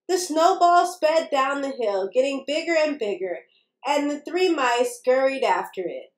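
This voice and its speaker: A woman reading a children's bedtime story aloud in a slow, expressive, sing-song way. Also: high-pitched, reverberant. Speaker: children's book reader.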